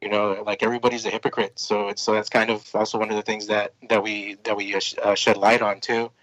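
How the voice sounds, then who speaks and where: A man's voice: on the low side, level tone, fast talker, a bit bright, highs cut off. A man, a comic book creator, chatting casually as a podcast guest, rambling with lots of fillers and restarts.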